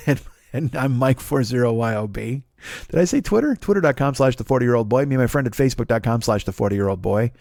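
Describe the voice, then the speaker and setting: A man's voice: mid-range voice, animated, fast talker, vocal fry, darkish tone, dry recording. Man in his forties, swearing comedy rant, mocking impressions, dry close sound. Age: 40s. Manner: swearing, ranting, mocking voices. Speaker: comedian podcast host.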